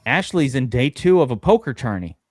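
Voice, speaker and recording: A man's voice: mid-range voice, big pitch swings, brisk. A man hosting a live fantasy football draft stream, chatting casually and rambling with restarts.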